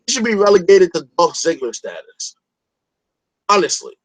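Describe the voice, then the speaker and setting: A man's voice: high voice, sing-song, moderate pace, low-quality recording. A man hosting a podcast in a casual chat, opinionated and rambling, swearing freely. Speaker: podcast host.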